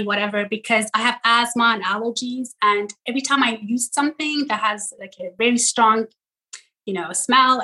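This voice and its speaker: Iranian woman, 40s, guest; high-ish, bright, lively storyteller who laughs a lot. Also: poor audio. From Iran. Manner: animated storytelling, laughs often, many fillers. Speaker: guest, content creator. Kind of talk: casual interview chat.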